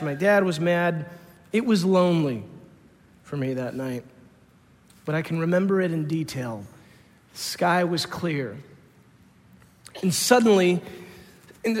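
A man playing a middle-aged former shepherd who tells his story in a halting, heartfelt way. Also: high voice, lightly acted. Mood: wistful. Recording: long hall reverb.

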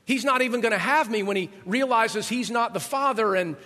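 A male pastor voicing an anxious young woman who rushes through worried questions, in a sermon. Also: very high voice, sharp tone. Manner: worried, rapid string of questions. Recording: long hall reverb.

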